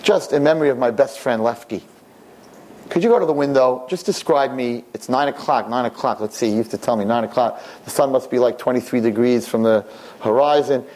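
A man's voice: medium pitch, brisk, darkish tone, lightly acted, poor audio. A man voicing an old blind man in a nursing home who pleads and repeats himself insistently. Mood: pleading.

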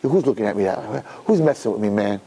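A man's voice: lowish voice, animated, fast talker, gravelly, dark tone, breathy edge, pitched below the performer's own voice, full character voice. A man voicing a boastful drunk young man, brash and spoiling for a fight, with street-tough swagger. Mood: belligerent.

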